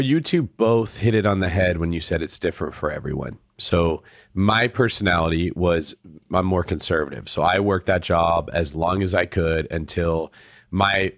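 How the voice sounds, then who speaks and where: A man calmly explaining his views in a casual conversation, using analogies. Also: low-pitched, no room sound, clean studio sound.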